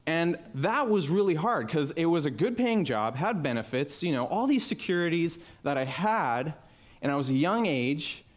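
Animated man telling a story on stage. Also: a little high, moderate pace. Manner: animated, acts out quoted voices. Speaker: conference speaker. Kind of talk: personal storytelling talk. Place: talk venue with live audience. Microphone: headset mic.

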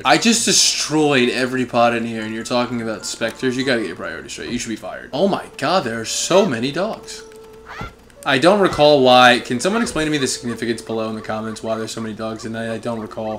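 A man's voice: medium pitch, animated, brisk, a bit bright, faint music behind. A young man giving comedic, sarcastic commentary while playing a video game, talking back to the characters on screen. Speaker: gaming channel host. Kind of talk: comedic let's-play commentary.

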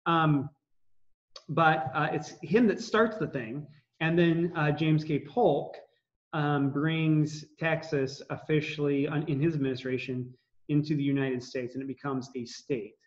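A man's voice: fairly high pitch, highs cut off. A man teaching a history class in a chatty, joking way, with many fillers and asides to students. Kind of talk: classroom lecture.

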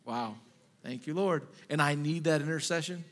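High-voiced impassioned male preacher. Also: normal speed. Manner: impassioned, swinging from loud rhetorical questions to hushed asides; repeats phrases, restarts mid-sentence. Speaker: pastor. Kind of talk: sermon.

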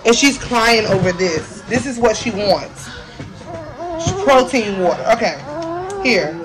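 A young woman chatting casually to her viewers in a vlog, playful and quick to laugh. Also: medium pitch, animated, music in the background, low-quality recording. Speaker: vlogger.

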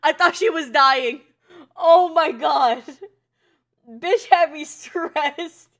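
A young woman giving casual, excitable reaction commentary on an anime, swearing freely and laughing often. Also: sits high, drawn-out words.

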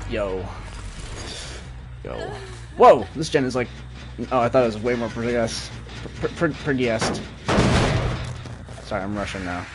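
A young man giving live commentary on his own gameplay, muttering under his breath one moment and yelling out the next. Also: fairly low pitch, normal speed, creaky, pauses often, background noise. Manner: excitable, swings between mutters and loud outbursts. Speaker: streamer. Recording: loud game music underneath.

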